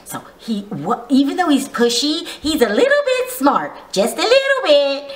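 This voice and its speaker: A woman's voice: high voice, big pitch swings, normal speed, reverberant. A woman giving a casual, gossipy recap of a reality show, teasing and full of asides. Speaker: vlogger reviewing a reality show.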